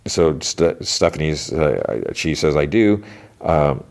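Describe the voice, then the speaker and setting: A man's voice: rumbling low, expressive, takes it slowly, gravelly, a little mellow. A man hosting a podcast, recapping a TV episode in a loose, rambling way full of "like" and restarts. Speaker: podcast host.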